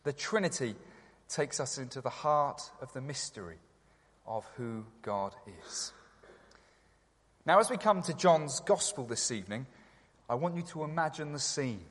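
A man preaching a sermon in church, gentle and reflective, with some hesitant fillers. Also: mid-range voice, expressive, measured pace. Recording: long church reverb.

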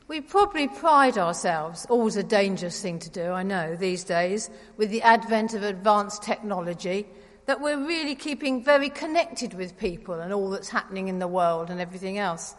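A woman giving a conversational, gently wry sermon in church. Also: medium pitch, normal speed, few pauses. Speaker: preacher. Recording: reverberant church hall.

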